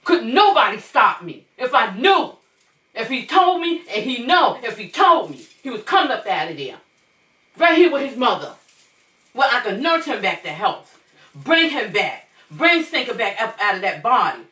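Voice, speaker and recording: High, bright, urgent woman preaching to viewers. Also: very animated, normal speed. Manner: preachy, repetitive, urgent, emphatic. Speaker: channel host, grieving mother. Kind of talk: impassioned monologue to viewers. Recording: echoey room, distant mic.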